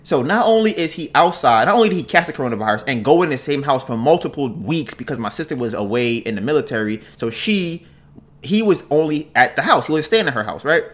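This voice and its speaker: A man hosting a podcast, telling a story in a casual, animated way and tagging phrases with "right?". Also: medium pitch, brisk. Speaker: podcast host.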